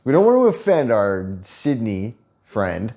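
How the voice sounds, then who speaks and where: Joking, laughing man, lively pitch. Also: unhurried. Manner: profane, joking, laughs often. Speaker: vlogger. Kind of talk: casual storytelling chat.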